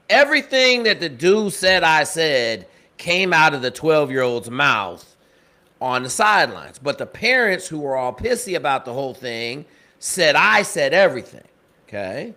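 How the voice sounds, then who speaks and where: A man on a live talk broadcast telling a story with a lot of energy and acting out the quotes. His voice sits a little high and sounds forceful and tense. He speaks fast, with quick, punchy delivery. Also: sing-song. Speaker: panel guest and father.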